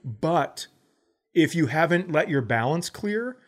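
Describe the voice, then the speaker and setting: Animated man telling a comedy story. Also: on the high side, takes it slowly. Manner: animated storyteller, acts out both sides of conversations. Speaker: podcast co-host, comedian. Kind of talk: casual storytelling chat.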